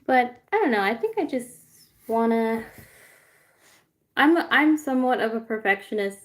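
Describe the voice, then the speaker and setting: A woman giving a casual tarot reading to viewers, chatty and excitable, with lots of fillers and asides, recorded on a phone on a tripod. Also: on the high side, moderate pace. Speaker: tarot reader.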